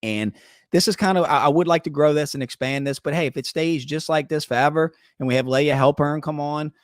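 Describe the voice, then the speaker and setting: A man's voice: a little high, a little fast, no echo, studio quality. A man hosting a casual livestream show, talking in a laid-back way and calling his chat "y'all". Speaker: host.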